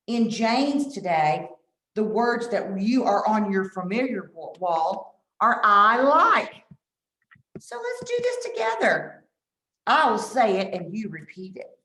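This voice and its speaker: Slow, lively woman teaching kindergarteners. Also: medium pitch, echoey room, poor audio. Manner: slow, exaggerated teacher voice with call-and-repeat phrases. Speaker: extension nutrition educator. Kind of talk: children's lesson for kindergarten.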